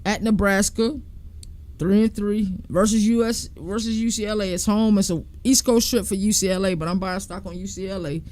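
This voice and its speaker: A man's voice: high-pitched, fairly even intonation, normal speed, a little mellow. A man hosting a sports podcast, talking casually and in slang while he thinks aloud and counts through team schedules.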